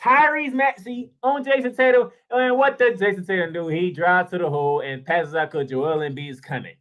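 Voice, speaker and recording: A man's voice: high voice, normal speed, muffled recording. A man giving a heated solo basketball commentary, ranting and firing rhetorical questions at the team. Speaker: sports blogger.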